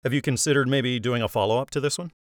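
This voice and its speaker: A man with a mid-range voice who hosts an interview show, asking calm questions and introducing books. The sound is dry and close, with no room echo. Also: mid-range voice, fast talker. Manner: calm, prompts with soft hums. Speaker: radio show host. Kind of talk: interview hosting.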